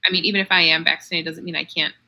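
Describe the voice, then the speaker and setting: A woman's voice: sits low, steady tone, rapid-fire, sharp tone. A woman co-hosting a podcast, telling stories in casual chat with lots of fillers. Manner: chatty storyteller, many fillers. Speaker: podcast co-host. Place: Los Angeles.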